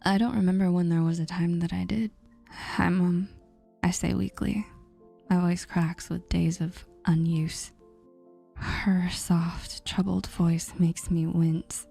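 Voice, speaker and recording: A woman narrating a first-person story in a soft, slow, often breathy near-whisper. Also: on the low side, flat delivery, faint music behind.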